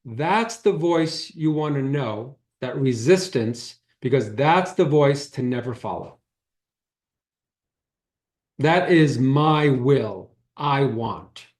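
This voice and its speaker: Slow and medium-pitched with lively intonation, this man tells personal stories in a casual spiritual talk as a holistic healer. He acts out dialogue like a conversational storyteller, and the room echoes noticeably.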